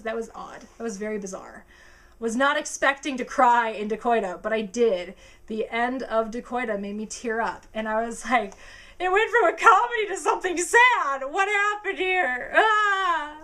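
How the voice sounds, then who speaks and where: Young female vlogger, excitable and fangirly, bright tone, casual to-camera chat. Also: on the high side. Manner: excitable, gushing, squeals and filler words.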